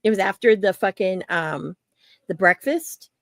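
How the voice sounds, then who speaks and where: A woman's voice: mid-range voice, a little slow, vocal fry, dry recording. A woman co-hosting a podcast in casual chat, telling stories with lots of fillers and swearing. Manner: animated storyteller, swears freely, many fillers. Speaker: podcast co-host.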